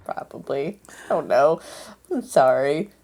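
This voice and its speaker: A woman co-hosting a radio show, bantering casually with dry, quick interjections. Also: low-pitched, animated, darkish tone.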